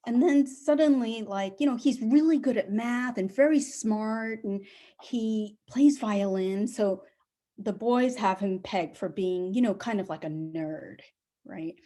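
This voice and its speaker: A middle-aged woman telling a personal story on a live stage, animated and acting out the people she quotes. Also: a little slow. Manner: animated, acts out quoted voices with big pitch jumps.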